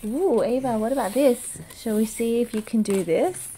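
A mother quizzing her toddler with flash cards, asking questions slowly in a sing-song voice, praising her and making animal noises. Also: on the high side, warm tone, a little hiss or hum.

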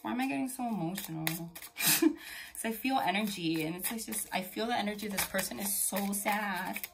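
A woman's voice: medium pitch, normal speed, gravelly, music in the background. A woman doing a tarot reading straight to camera, chatty and emphatic, swearing casually and talking directly to the viewer. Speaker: tarot reader.

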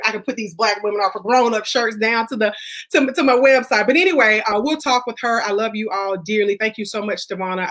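A woman's voice: medium pitch, a bit bright. A woman hosting her own online show, speaking in a blunt, impassioned, preachy way about faith and helping others. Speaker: host. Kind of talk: casual faith-based monologue.

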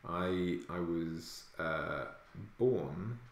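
A man's voice: low voice, extremely slow, reverberant. A man with a posh southern English accent chatting casually while streaming his art, self-mocking and laughing often. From Hampshire, England. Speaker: fantasy artist streaming live. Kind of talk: casual chat while drawing.

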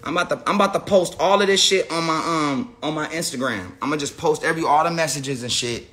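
Speaking fast in a slightly high, sharp-toned voice, an American livestreamer rambles on his phone with plenty of slang, swearing and false starts. He claims to be high while broadcasting from a room with a big screen.

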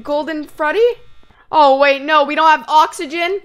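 A woman hosting a let's-play video, talking excitedly and yelping when scared, into a close gaming mic. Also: high-pitched. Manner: excitable, jumps from scared yelps to quick chatter.

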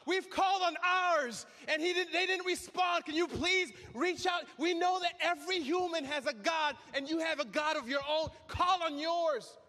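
A pastor preaching a sermon, shouting with emphatic repetition. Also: male voice, very high-pitched. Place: large hall. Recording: reverberant hall.

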